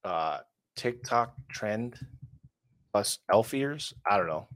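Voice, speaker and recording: A man talks through his reactions in a casual, slangy way, with fillers in nearly every phrase. His pitch bounces around a lot. The sound is dry and close. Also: animated, slow pace, fairly bright tone, no echo. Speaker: host.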